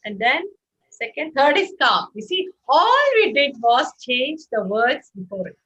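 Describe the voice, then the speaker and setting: A woman with a high-sitting, slightly rough voice hosts an interactive online workshop at an unhurried pace, animatedly coaxing participants to respond in the chat. The audio is muffled, lo-fi video call sound.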